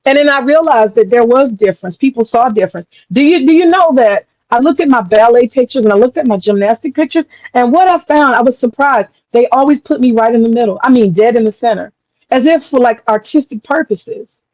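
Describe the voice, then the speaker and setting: A woman's voice: on the high side, lively intonation, brisk, darkish tone, dry recording, rough recording. A woman talking in a blunt, profane casual monologue as a commentator, acting out other people's voices as she goes.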